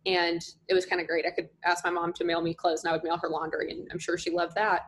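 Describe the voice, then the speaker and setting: A young woman chatting casually as a podcast guest, full of "like" fillers and animated storytelling. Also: lowish voice, fast. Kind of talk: casual chat.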